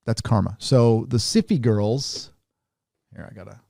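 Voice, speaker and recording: A man's voice: medium pitch, a little slow, gravelly, mellow, no echo, clean studio sound. A middle-aged man hosting a casual commentary show, talking in a sarcastic, mocking way. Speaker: host.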